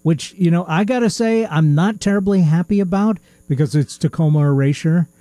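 Male podcast host, a bit high, mellow tone, jokey and self-deprecating. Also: brisk, no echo. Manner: joking, self-deprecating, stumbles over words. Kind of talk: casual chat.

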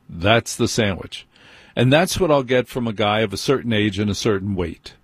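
A middle-aged man from New Jersey delivers a wry, grumbling late-night radio monologue. His voice is husky, and the studio sound is dry and close. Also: mid-range voice, no room sound. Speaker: radio host.

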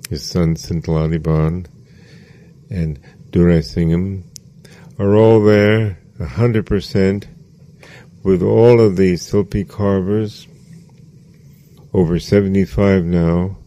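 A man with a low, mellow voice gives a slow, measured sermon. He repeats his phrases for emphasis. The recording is dry and close. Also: fairly even intonation, dry recording. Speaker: spiritual teacher.

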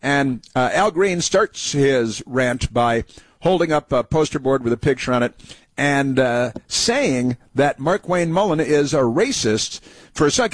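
A man's voice: mid-range voice, no room sound. A man hosting a political talk show, commenting with mocking, combative asides and many fillers. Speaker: radio talk host. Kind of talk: political commentary over played clips.

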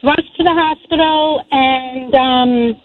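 A woman's voice: high-pitched, fairly even intonation, takes it slowly. A woman in her sixties calling in to a radio show, earnestly telling a childhood story. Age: 60s. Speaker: caller. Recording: phone line.

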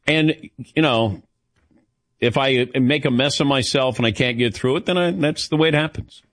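A man's voice: mid-range voice, moderate pace, fairly bright tone, no echo. A man hosting a sports call-in radio show, chatting easily and rambling through stories. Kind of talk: casual call-in chat.

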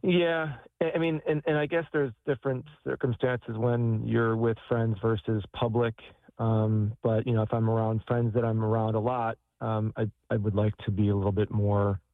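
A man on a crackly, phone-thin line, his voice gravelly and flat in pitch. He talks haltingly, stopping and restarting while he looks for words, as a caller asking for advice. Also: no room sound, phone-quality sound. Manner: hesitant, halting with many fillers and restarts. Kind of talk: call-in advice conversation.

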